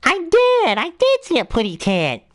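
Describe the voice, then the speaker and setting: A tiny cartoon canary squeaks in lisping baby talk. The voice sits very high and swoops widely. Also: male voice, huge pitch swings, moderate pace, fairly bright tone, full character voice. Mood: excited.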